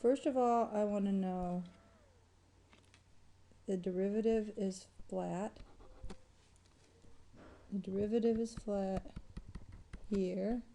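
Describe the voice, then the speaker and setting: A woman's voice: medium pitch, steady tone, slow, long pauses, dark tone. A woman math professor giving a recorded exam review, thinking aloud and pointing at a graph as she works through the problem.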